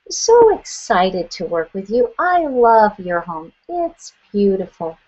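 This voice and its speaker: A woman imitating an overly sweet, gushing woman who talks softly and raves about everything. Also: mid-range voice, sing-song, takes it slowly, highs cut off. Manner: soft, gushing.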